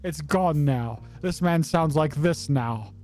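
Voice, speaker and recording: A man's voice: on the high side, slow, darkish tone, faint music behind. A man streaming a game, giving casual, joking and self-mocking commentary. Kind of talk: casual commentary over gameplay.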